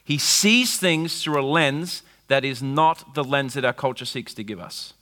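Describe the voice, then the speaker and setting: A man, preaching a sermon with animated storytelling and wry humour. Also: mid-range voice, a little slow. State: recovering from flu. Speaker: pastor. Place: church hall. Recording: reverberant hall.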